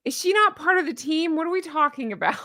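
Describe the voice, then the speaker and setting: Sarcastic woman, higher voice, dry sound. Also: expressive, fairly quick, pushed and bright, no echo. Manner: sarcastic, exasperated, mocking. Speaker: commentary channel host. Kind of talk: sarcastic commentary.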